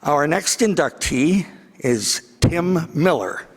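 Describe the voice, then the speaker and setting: A man's voice: on the high side, animated, slow, long reverb tail. A man serving as master of ceremonies, making casual remarks and introducing the next honouree.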